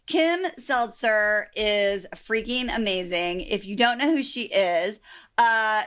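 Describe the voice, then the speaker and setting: A woman's voice: mid-range voice, fairly bright tone. A middle-aged woman from the American Midwest hosting a podcast, bubbly and chatty, sprinkling "like" and swearing freely. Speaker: podcast host and dating coach. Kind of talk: casual podcast chat.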